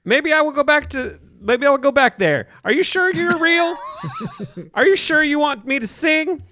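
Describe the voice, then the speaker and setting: A man's voice: extremely high pitch, lively intonation, moderate pace, sharp tone, no echo, exaggerated voice. A man voicing a drunk, scatterbrained young woman influencer in a comedy script read, stumbling over words and laughing through lines. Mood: rambling.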